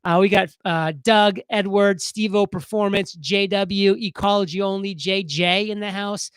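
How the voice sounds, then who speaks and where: A man hosting a casual live stream, talking fast and excitedly as he reads viewer comments aloud. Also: sits high, clear, resonant tone, no room sound, low-quality recording.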